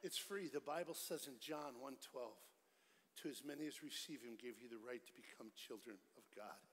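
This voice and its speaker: A middle-aged man giving a lively, joking evangelistic sermon at a church concert, swinging from loud storytelling to hushed pleading. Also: mid-range voice, moderate pace, slight background noise. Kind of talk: energetic evangelistic sermon with jokes. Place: large church concert hall. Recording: live church hall with long reverb.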